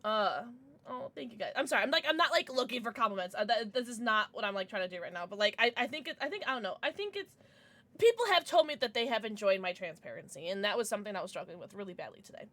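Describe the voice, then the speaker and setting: A woman's voice: mid-range voice, animated, quick pace, a bit bright. A young woman livestreamer chatting casually with her viewers, giggly and rambling, with lots of restarts and fillers.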